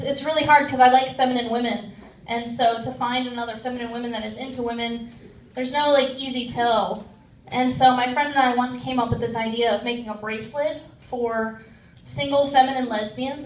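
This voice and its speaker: Woman, 20s, high-pitched stand-up comic with a deadpan, hesitant delivery; live club recording picked up from a distance with faint room noise. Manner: deadpan, self-deprecating, frequent "um"s. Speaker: stand-up comedian. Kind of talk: stand-up comedy set. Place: comedy club stage. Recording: roomy, distant live stage mic.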